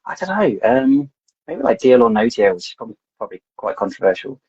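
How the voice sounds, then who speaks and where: A man in a casual podcast chat, talking quickly with hesitant restarts. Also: medium pitch, big pitch swings, darkish tone, slightly rough. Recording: dull dry lo-fi sound.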